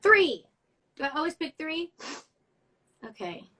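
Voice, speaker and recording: Bright-voiced young woman hosting. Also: on the high side, normal speed, low-quality recording. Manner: chatty and effusive, gets emotional reading notes. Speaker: host of a live social media show. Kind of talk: casual live-stream chat, reading fan notes aloud.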